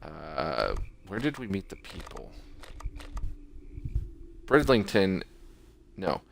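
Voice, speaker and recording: Deep, gravelly wisecracking gamer. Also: male voice, huge pitch swings, a little slow, slight background noise. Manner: sarcastic, wisecracking. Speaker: let's play host. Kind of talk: casual gameplay commentary.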